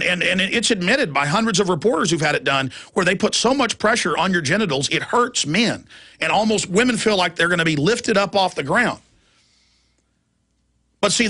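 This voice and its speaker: A man's voice: sits high, bright, forceful tone, slightly rough. A man hosting a live talk radio show, delivering an impassioned, mocking monologue. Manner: impassioned, mocking, mimics opponents' laughter.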